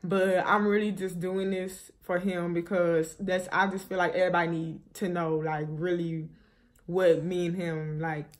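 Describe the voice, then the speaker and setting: Here a young female vlogger with a lowish voice and little pitch movement speaks a little slowly. Grieving, she shares an emotional personal story with viewers, rambling, restarting frequently, using many fillers, her tone subdued and shaky.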